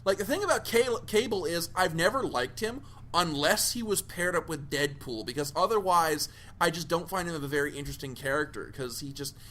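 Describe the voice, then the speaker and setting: A man's voice: on the high side, lively intonation, a little fast, pushed and bright. A man hosting a casual panel podcast, reading listener questions aloud with plenty of "uh" fillers. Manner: upbeat, reads listener questions with many fillers. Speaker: podcast host.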